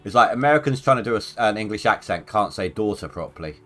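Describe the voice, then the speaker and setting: Guy with a lowish voice chatting while gaming, dry and chatty, faint music. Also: expressive, fast talker, bright, forceful tone. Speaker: co-player. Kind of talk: casual gaming chat.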